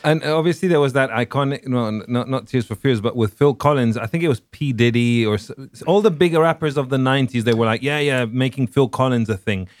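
A man's voice: mid-range voice, fast, hardly any pauses, darkish tone, no echo. A man co-hosting a podcast, chatting casually and rambling with many fillers and restarts. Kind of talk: casual chat.

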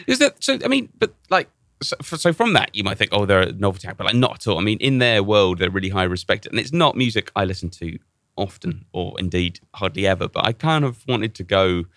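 A man's voice: fairly low pitch, very animated, brisk, a bit bright, no room sound, studio quality. A man hosting a casual chat, telling a story animatedly with lots of restarts.

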